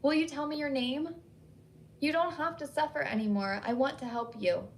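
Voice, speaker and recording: A woman's voice: high voice, normal speed, slight background noise, voice pushed up. A woman voicing an earnest, pleading medium. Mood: coaxing. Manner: gentle, pleading, grows indignant.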